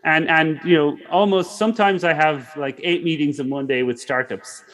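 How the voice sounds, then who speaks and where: A man's voice: a little high, moderate pace, a bit bright. Middle-aged male guest lecturer for an online startup session, casual, rambling delivery with lots of "you know.". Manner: loose and conversational, peppered with "you know" and self-corrections.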